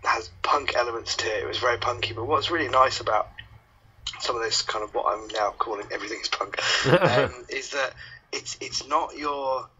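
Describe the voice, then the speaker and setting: A man's voice: mid-range voice, normal speed, bright, forceful tone. A man co-hosting a radio music show, giving a rambling casual review that stops and restarts mid-thought. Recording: muffled lo-fi radio recording.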